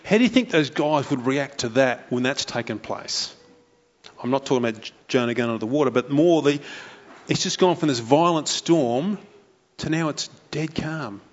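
A man preaching a sermon, telling a Bible story with animated flair and briefly voicing its characters. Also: medium pitch, normal speed. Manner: animated storytelling, acting out the sailors' voices. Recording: dull lo-fi recording.

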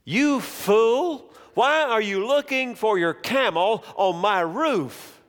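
A preacher puts on an indignant king roused in the night, his high voice calling out in a slow, deliberate cadence. It rings through a long, echoing hall. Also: animated, fairly bright tone, heavily acted. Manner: raised, exclaiming voice.

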